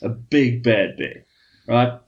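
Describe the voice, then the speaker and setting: A man's voice: medium pitch, slow, dull audio, a little hiss or hum. Guy on a podcast telling a filthy joke, swears a lot, rambles, keeps saying right. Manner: crude, swears freely, rambling with fillers like "flippin'" and "right?". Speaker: podcast host.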